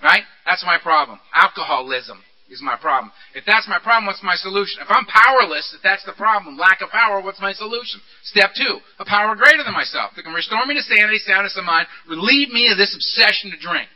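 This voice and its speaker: A man speaking at a recovery meeting, candid and animated, asking rhetorical questions as he tells his story. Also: sits high, a little fast, hardly any pauses. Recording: dull lo-fi recording.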